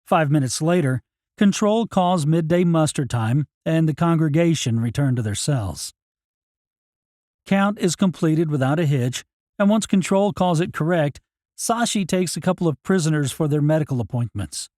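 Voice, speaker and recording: A man reads a first-person audiobook in a plain, matter-of-fact manner. His voice sits a touch high yet sounds warm and mellow, recorded close and dry in a studio with no room echo. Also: lively intonation, normal speed. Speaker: audiobook narrator.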